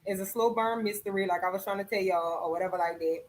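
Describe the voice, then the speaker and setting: A woman hosts a casual live stream, talking straight to her viewers in a loose, profane way. Her voice sits at an ordinary middle pitch. A faint hiss of noise runs under the recording. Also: fast, poor audio. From Louisiana. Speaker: podcast host. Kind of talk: casual live-stream chat, book recommendation.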